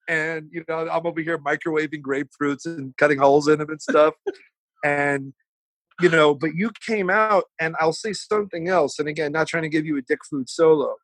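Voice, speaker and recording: A man's voice: on the high side, moderate pace, fairly bright tone, dry recording, poor audio. A man in his forties, a guest on a remote podcast, chatting animatedly and swearing freely. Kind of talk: casual chat. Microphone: remote call setup.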